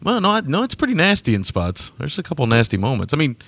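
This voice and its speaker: A man's voice: fairly high pitch, wildly swooping pitch, fast talker, vocal fry, a bit bright, dry recording. A man co-hosting a casual film chat podcast, rambling, chuckling and tripping over foreign names. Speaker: podcast co-host.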